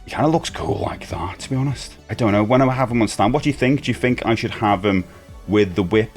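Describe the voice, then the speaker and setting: A man in his forties talks through an unboxing in a relaxed, rambling way, restarting his sentences as excitement takes over. His voice sits very low. Faint music plays quietly behind him. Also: quick pace. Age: 40s. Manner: chatty, enthusiastic, rambling with restarts. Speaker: toy collector vlogger. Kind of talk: casual unboxing chat.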